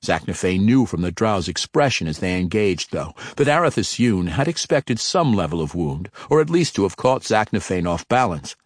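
Guy reading a fantasy audiobook, lowish voice, dry close sound. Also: big pitch swings, normal speed, few pauses, no room sound. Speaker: audiobook narrator. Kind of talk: scripted fantasy narration.

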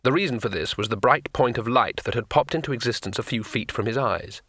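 A man's voice: medium pitch, a little fast, fairly bright tone, slightly rough, dry recording. A man narrating an audiobook in a dry, wry storytelling manner.

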